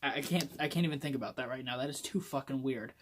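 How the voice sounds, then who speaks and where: A man giving a casual video book review on his phone, rambling and swearing often as he gets excited. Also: mid-range voice, fast.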